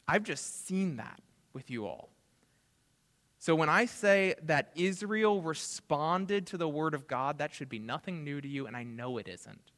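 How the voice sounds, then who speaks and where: A man preaching a sermon as pastor, earnest, building to emphatic peaks and dropping to soft asides. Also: mid-range voice, normal speed, long reverb tail. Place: church sanctuary.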